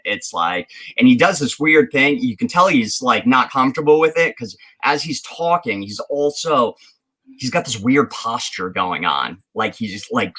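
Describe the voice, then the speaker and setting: A man's voice: mid-range voice, pushed and bright, low-quality recording. A man from the United States co-hosting a podcast in casual chat, rambling with many restarts and fillers. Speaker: podcast co-host.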